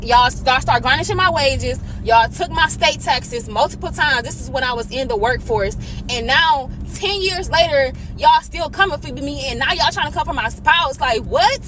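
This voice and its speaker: A woman's voice: high voice, moderate pace, fairly bright tone, rough recording. A woman in her late twenties venting to camera about something that frustrates her, swearing often and fighting back tears. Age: 20s. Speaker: vlogger.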